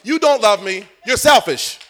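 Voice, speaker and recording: A man's voice: high-pitched, expressive, normal speed, pushed and bright. A middle-aged man preaching a live sermon in church, joking with and coaxing the congregation.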